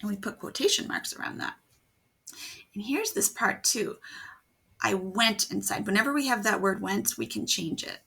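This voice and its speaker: A woman writing teacher modeling how to revise a story aloud, thinking out loud and animated as she reads lines from the draft. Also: mid-range voice, moderate pace, vocal fry, slightly rough.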